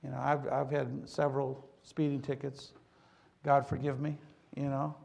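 A man's voice: medium pitch, little pitch movement, normal speed, gravelly, darkish tone. A middle-aged man preaching a sermon, a joking, folksy storyteller who talks straight to his congregation. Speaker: pastor.

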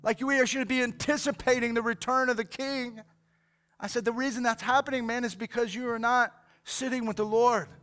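A man's voice: extremely high pitch, steady tone, moderate pace, a bit bright, smooth. A middle-aged male pastor preaching a sermon in a casual, fired-up way, often saying "man" and "like".

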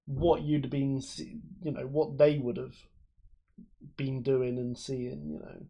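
Male podcast co-host, mid-pitched, rambling friendly explainer. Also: little pitch movement, slow, gravelly, mellow, slightly rough. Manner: chatty, explains at length with many fillers. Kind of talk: casual chat.

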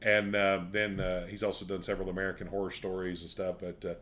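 A man's voice: low voice, little pitch movement, fast talker, a bit bright. A middle-aged man, chatting casually and laughing as he tells stories and acts out quotes. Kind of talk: casual chat.

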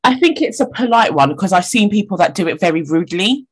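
A woman's voice: medium pitch, expressive, fast talker. A woman in casual podcast chat, candid and self-deprecating, telling stories with animation. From Ghanaian family.

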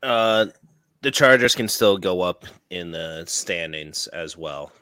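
A low-pitched man with a bright, forward edge to his voice talks through picks in a relaxed, chatty way and laughs easily at himself. He sounds very close to the mic in a dry, dead room. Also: slow, clear, resonant tone, dry recording. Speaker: podcast host. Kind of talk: casual fantasy football chat.

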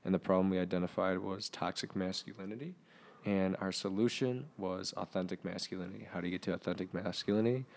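A man's voice: fairly even intonation, quick pace, creaky. A young man co-hosting a podcast, earnestly explaining his business ideas in casual chat. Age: young adult. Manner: earnest explainer, pitching a product. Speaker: podcast co-host.

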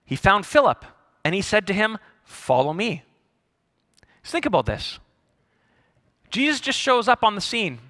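A male pastor preaching a sermon, telling the story in an animated way with jokes and acted-out voices. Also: high-pitched, moderate pace, long pauses, no room sound, clean studio sound.

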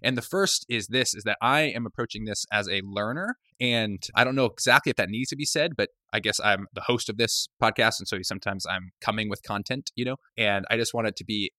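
A man's voice: fairly low pitch, brisk, few pauses, sharp tone, no echo, studio quality. A man hosting a podcast, talking in an earnest, searching way with many hedges. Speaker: podcast host. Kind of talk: reflective podcast talk.

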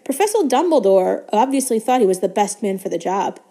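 A woman's voice: mid-range voice, big pitch swings, brisk, mellow. A woman voicing a clever, earnest young schoolgirl witch in a storybook reading, anxious in tone.

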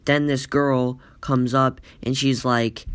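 A man's voice: medium pitch, level tone, slow pace, a bit bright, smooth, no echo. A man telling a casual, profane story in rambling speech full of "like" fillers.

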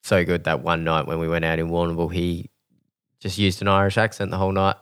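A young man co-hosts a casual podcast with a fairly low, smooth, resonant voice. He keeps it laid-back and deadpan, dropping dry one-liners. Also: brisk, dry recording. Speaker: podcast co-host.

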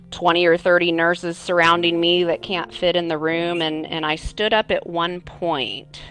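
A woman telling a personal story in an earnest, halting way, as an interviewee. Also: on the low side, fairly bright tone. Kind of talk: personal recollection.

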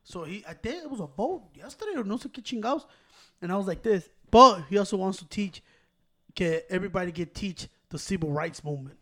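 Guy with a high voice venting on a podcast, swears a ton, drops spanish words. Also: expressive, fairly quick, fairly bright tone. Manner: profane, heated ranting, slips into Spanish. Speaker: podcast co-host. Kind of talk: casual chat.

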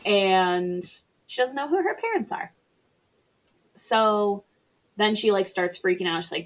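A woman's voice: mid-range voice, lively intonation, measured pace, long pauses. A woman casually recapping a film on a podcast, chatty and sarcastic, swearing freely. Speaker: podcast co-host or guest. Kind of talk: casual movie recap chat.

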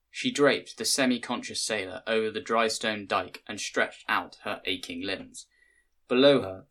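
A man reading a story as narrator, measured and descriptive. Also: on the low side, pushed and bright. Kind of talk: scripted narration.

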